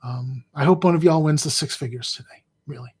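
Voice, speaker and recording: A man who analyzes fantasy sports, talking straight to his viewers in a rambling, halting way, emotional and in physical pain. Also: fairly high pitch, husky. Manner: rambling, halting, repeats words. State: emotional, near tears. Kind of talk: heartfelt casual address to viewers.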